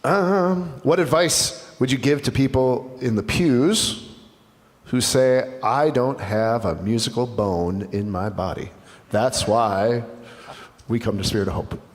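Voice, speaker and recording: A man's voice: medium pitch, takes it slowly. A male pastor speaking in a conversational dialogue sermon, reflective and earnest, often restarting his sentences. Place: church sanctuary. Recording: long church reverb.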